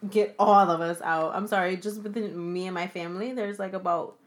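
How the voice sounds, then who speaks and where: Young woman guest, lots of ums and likes, lowish voice. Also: steady tone, a little fast. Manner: hesitant, many fillers, laughs easily. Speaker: podcast guest. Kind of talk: casual conversation.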